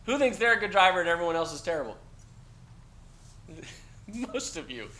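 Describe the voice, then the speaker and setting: A man's voice: high-pitched, very animated, a little fast, pushed and bright. A middle-aged man giving a casual classroom lecture, talking to students in a blunt, conversational way and tagging lines with "okay?". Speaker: university lecturer.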